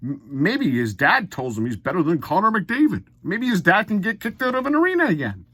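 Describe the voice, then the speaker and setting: A man giving a blunt, exasperated hockey recap rant, swinging from muttered asides to loud outbursts. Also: high-pitched, sing-song, fairly quick, husky, no room sound. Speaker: sports commentary vlogger.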